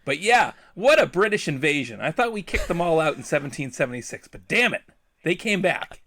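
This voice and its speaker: A man's voice: a little high, big pitch swings, fairly quick, a bit bright. A man co-hosting a podcast, chatting casually with a wry, rambling manner. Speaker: podcast co-host. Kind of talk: casual chat.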